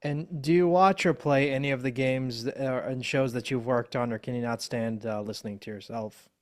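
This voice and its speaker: A man's voice: mid-range voice, fairly even intonation, moderate pace. A man hosting an interview, asking plain, brief questions. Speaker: interview host.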